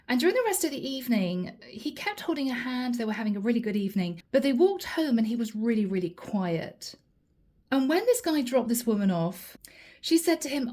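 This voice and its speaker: A woman's voice: fairly high pitch, lively intonation, a little slow, darkish tone. Chatty woman giving a tarot reading. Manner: chatty, storytelling, frequent tag questions. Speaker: tarot reader. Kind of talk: casual monthly astrology reading.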